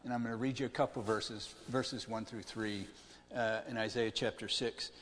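A man's voice: fairly low pitch, steady tone, moderate pace, a bit bright, a little hiss or hum. A man preaching a conversational sermon, asking his listeners questions as he goes. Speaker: pastor. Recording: long hall reverb.

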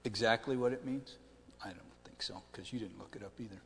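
A man's voice: on the low side, fairly quick, a little hiss or hum. A man preaching a conversational sermon, asking his listeners questions as he goes. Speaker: pastor. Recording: long hall reverb.

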